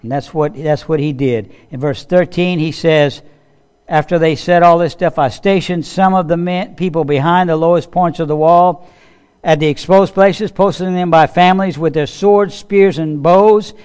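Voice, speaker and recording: A man's voice: on the high side, normal speed, a little mellow, clean tone. A man preaching a sermon as a pastor. He tells Bible stories in a conversational way, asks the listeners questions and acts out the voices he quotes.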